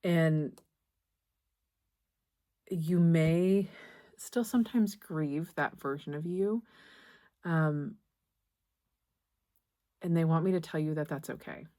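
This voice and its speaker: A young woman giving a tarot reading to camera, gentle and reassuring, halting often and restarting her phrases. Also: sits low. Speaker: tarot reader.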